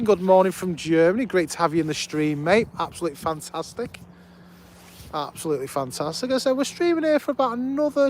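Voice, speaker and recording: His voice a little high, a male livestream host chats outdoors at an airport in a casual, enthusiastic manner. He greets viewers by name and adds eager commentary, while a little hiss or hum runs through the recording.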